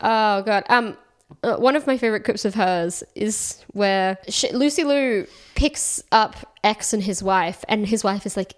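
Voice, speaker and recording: A woman co-hosting a comedy film podcast, chatting in an animated, sweary and playfully over-the-top way. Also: medium pitch, moderate pace. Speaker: podcast co-host. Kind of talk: casual comedic chat.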